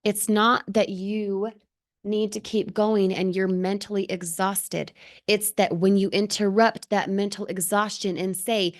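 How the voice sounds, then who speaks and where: A woman's voice: medium pitch, level tone, unhurried. A woman leading a live motivational training for her team, speaking earnestly and emphatically with lots of rhetorical questions. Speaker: team leader.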